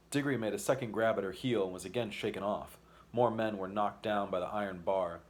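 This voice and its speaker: A man reading a children's fantasy story aloud as audiobook narration, in a measured, expressive way. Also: on the low side. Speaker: audiobook reader.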